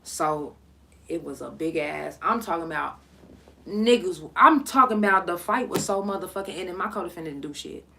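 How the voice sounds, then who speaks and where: A young woman hosting a podcast, telling a story in blunt, profane, animated casual talk. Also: lowish voice, normal speed, creaky, slight background noise. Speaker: podcast host.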